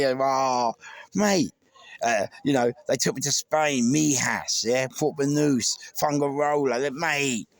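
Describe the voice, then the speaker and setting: Gravelly London man, emotional rambling tribute. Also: medium pitch, no room sound. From England. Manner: emotional, rambling with many restarts. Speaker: vlogger. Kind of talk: casual tribute monologue.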